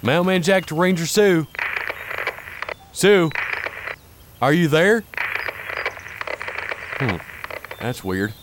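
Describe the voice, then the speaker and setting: A fatherly camp leader in an audio drama, played by a man. His voice is mid-pitched and lively, and he gives calm instructions. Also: slow, long pauses, noisy background.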